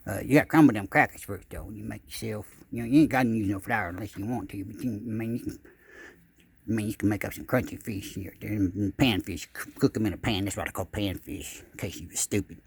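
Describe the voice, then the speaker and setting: A man telling a rambling comic fishing tale in a folksy drawl, dropping deadpan asides. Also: on the low side, fast talker, creaky, breathy edge.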